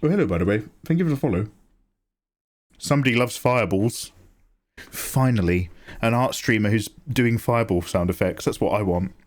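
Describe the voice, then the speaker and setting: A man's voice: on the low side, lively intonation, moderate pace. A man chatting casually on a drawing livestream, joking and rambling through asides to his viewers. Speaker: art streamer.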